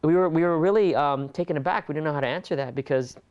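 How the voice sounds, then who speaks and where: A man from California in a relaxed interview, talking earnestly and in an animated way, laughing easily between points. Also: on the high side, fast talker, clean tone, highs cut off. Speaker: interview guest, stage performer. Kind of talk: conversational interview.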